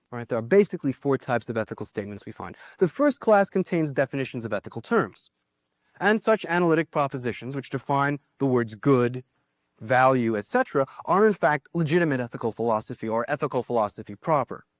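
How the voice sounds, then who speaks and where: A man's voice: mid-range voice, no echo. Guy lecturing a class on philosophy, voice swings up and down a lot, dry sound. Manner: lively, thinks aloud with restarts and asides.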